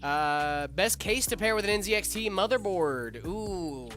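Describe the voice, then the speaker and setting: A man's voice: sits high, expressive, measured pace, a bit bright, faint music behind. A man co-hosting a livestream in a joking, casual chat, reading out follows and viewer questions. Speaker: stream co-host.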